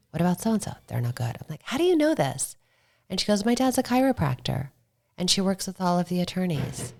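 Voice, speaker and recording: A middle-aged woman with a notably low voice, chatting on a podcast. She tells her stories in a relaxed, talkative way and acts out what other people said, sometimes sinking to a soft whisper. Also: creaky. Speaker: podcast guest, motorcycle club founder. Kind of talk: casual podcast conversation.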